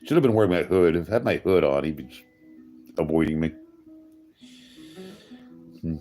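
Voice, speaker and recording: A man's voice: rumbling low, lively intonation, normal speed, warm tone, soft background music. A man hosting a casual livestream, chatting with viewers in a rambling, wry way and chuckling at himself. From California. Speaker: livestream host. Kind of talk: casual livestream chat reading comments.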